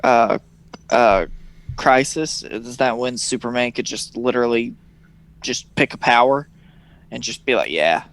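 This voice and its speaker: A man's voice: mid-range voice, fairly even intonation, a little slow, long pauses, fairly bright tone. A young man co-hosting a casual podcast chat, joking and slipping into mocking character voices. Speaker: podcast co-host.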